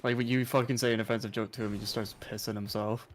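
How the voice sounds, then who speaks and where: A man's voice: fairly low pitch, flat delivery, fast talker, a little hiss or hum. A man joining a casual gaming stream as co-host, joking and swearing in loose banter. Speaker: co-host guest.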